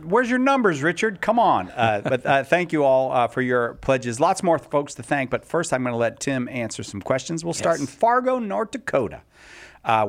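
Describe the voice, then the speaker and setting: Lively, joking male radio host. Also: medium pitch. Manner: playful, mock-offended joking. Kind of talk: casual radio banter.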